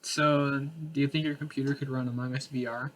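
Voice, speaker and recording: A man's voice: medium pitch, level tone, fairly quick. Rambling young man chatting casually. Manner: rambling, laughs often, filler-heavy. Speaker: podcast co-host. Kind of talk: casual chat.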